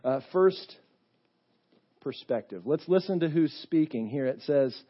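A man's voice: a little high, animated, measured pace, husky, dull audio. A male pastor giving a sermon in a church, telling a story in a conversational way with many fillers.

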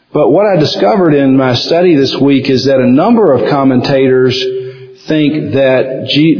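A man's voice: mid-range voice, darkish tone. A man with a Southern US accent preaching a sermon, telling folksy stories and acting out the quotes he reads. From American South. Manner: folksy storytelling with acted-out quotes. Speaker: pastor. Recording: dull lo-fi recording in a reverberant hall.

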